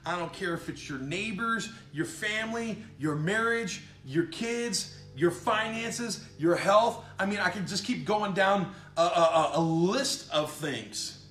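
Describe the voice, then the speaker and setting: A man's voice: high voice, unhurried, few pauses, a bit bright. A man preaching a fiery, emphatic sermon, repeating phrases and calling out "come on" as he builds his points. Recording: echoey room with faint music behind.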